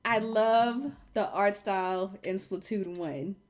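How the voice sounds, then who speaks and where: A woman hosting a casual chat show, lively and quick to laugh. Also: mid-range voice. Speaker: host.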